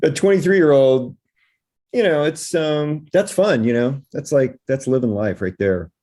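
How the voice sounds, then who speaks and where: A man's voice: medium pitch, unhurried, warm tone. A man, a podcast guest, telling stories in a laid-back, rambling way full of fillers. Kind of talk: animated anecdotal storytelling.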